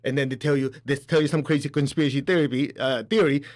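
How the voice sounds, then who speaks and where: A man giving a spiritual lecture, animated and laughing between points, acting out other people's voices as he talks. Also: mid-range voice, quick pace. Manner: animated, acts out quoted voices. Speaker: spiritual teacher. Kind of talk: spoken lecture.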